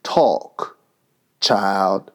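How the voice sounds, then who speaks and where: A man's voice: deep voice, very slow, pitched below the performer's own voice. A man voicing a sly, eager male unicorn in a storybook reading. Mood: sly, casual. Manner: dreamy, sly storybook delivery.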